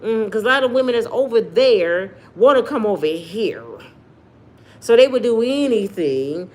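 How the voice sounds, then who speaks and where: Animated, sassy woman with a Black American accent. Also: on the high side, moderate pace. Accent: African American English. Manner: animated and sassy, addresses viewers directly. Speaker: commentary vlogger reading live chat. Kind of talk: live-stream commentary.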